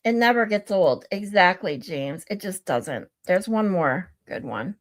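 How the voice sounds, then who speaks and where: A woman's voice: on the low side, lively intonation, unhurried. A woman streamer hosting, reacting in a casual, amused way and chatting with her audience. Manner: chatty, amused, talking to chat. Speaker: streamer host.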